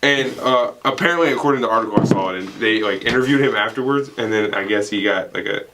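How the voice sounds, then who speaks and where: A man's voice: on the low side, quick pace, heavy background noise. Profane, rambling young man telling stories. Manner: rambling, profane storytelling with frequent laughs. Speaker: podcast co-host. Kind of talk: casual podcast banter.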